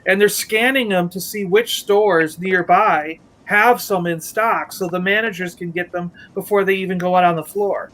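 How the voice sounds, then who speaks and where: Guy on a toy livestream rambling thru a story, higher voice, faint hiss behind. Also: moderate pace, hardly any pauses, fairly bright tone, poor audio. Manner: rambling, retells conversations with restarts. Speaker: toy collector livestream co-host; Lego merchandising rep.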